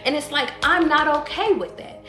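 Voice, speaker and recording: A woman's voice: sits high, animated, moderate pace, bright, forceful tone. A woman tarot reader on a live stream, ranting bluntly and profanely to her audience, repeating herself for emphasis. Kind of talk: live-stream motivational rant. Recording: roomy echo with faint music behind.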